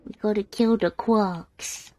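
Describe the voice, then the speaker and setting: A woman's voice: medium pitch, fairly even intonation, slow pace, dark tone, no room sound, poor audio. A British woman streaming a game live, chatting casually with frequent giggles and rambling restarts. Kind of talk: casual live-stream chat while gaming.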